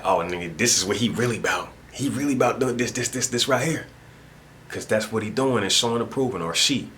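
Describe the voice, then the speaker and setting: At home indoors, a vlogger rambles through a casual monologue, repeating himself and leaning hard on street slang. His voice is fairly low and a bit bright, with a little hiss or hum in the audio.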